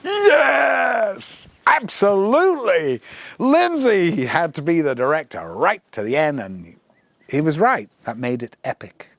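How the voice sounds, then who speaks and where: A man's voice: medium pitch, moderate pace, dry recording. An older man, telling an anecdote in an interview and acting out the voices he quotes. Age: 60s. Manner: animated raconteur who acts out quoted voices.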